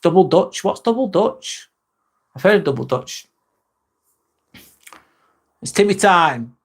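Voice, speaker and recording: English bloke hosting a loose live chat, jokey and crude, voice sits a little high. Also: male voice, expressive, slow pace, slightly rough. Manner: sweary, joking and self-mocking. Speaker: live stream host. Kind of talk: casual live-stream chat.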